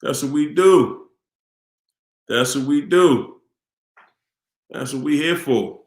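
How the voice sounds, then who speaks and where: A man hosting a live stream in a relaxed, upbeat way, greeting viewers by name as he signs off. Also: mid-range voice, measured pace. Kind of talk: casual live-stream sign-off. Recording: echoey room.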